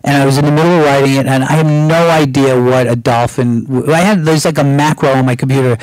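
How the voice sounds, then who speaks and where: A man's voice: on the high side, fairly quick, hardly any pauses, dry recording, low-quality recording. Rambling middle-aged American man, dry sound. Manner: rambling with restarts and acted-out quotes. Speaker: guest screenwriter. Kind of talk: casual anecdotal storytelling.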